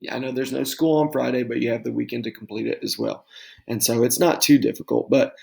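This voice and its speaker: A young man from Texas records class instructions from his home office. His voice has a gravelly, fry-edged grain at a medium pitch, and his delivery is loose and casual, full of ums and check-in okays. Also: fairly even intonation, brisk, darkish tone, poor audio. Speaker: teacher.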